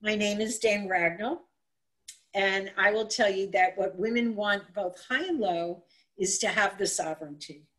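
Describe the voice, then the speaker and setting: A woman's voice: mid-range voice, unhurried, a bit bright, natural voice, rough recording. A woman putting on a brash, cheerful old hag. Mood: demanding. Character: bold cheerful hag lady, brash and demanding.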